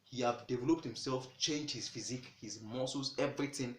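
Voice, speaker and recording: A man casually telling a folktale, animated and exclamatory, with chatty asides. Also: medium pitch, brisk, reverberant, a little hiss or hum. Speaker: storyteller. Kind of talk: casual storytelling.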